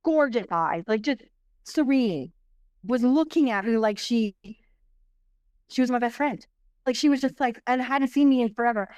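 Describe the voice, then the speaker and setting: A middle-aged woman, a podcast guest, telling a personal story in an animated, rambling way, full of restarts and fillers. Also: a little high, moderate pace, long pauses, smooth, no echo.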